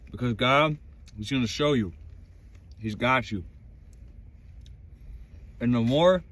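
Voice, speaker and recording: A man vlogging from inside his van in the mountains, giving casual motivational faith talk in an intense, emphatic way and swearing freely. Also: medium pitch.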